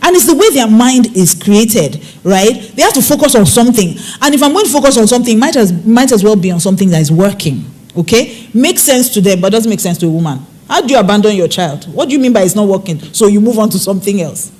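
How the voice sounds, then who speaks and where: A woman counselor giving a preaching-style talk on marriage, telling stories with lively swings in her voice. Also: quick pace, few pauses. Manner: expressive storyteller, swings pitch and acts out quoted people. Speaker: infidelity recovery counselor speaking on marriage.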